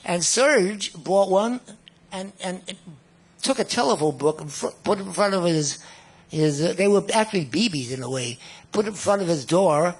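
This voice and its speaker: A husky old man in his nineties who spins long anecdotes, stumbling over and repeating words as he goes. His voice sits a touch high and sounds a little worn and breathy. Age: 90s. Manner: rambling, repeats words, chuckles at his own tales. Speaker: guest musician. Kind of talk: storytelling reminiscence.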